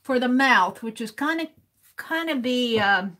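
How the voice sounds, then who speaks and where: A woman live-streaming her art, chatting with viewers in a casual way. Her voice is high and sits bright, and it moves a lot in pitch. She speaks at an unhurried pace and sounds out words for fun while she works. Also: expressive.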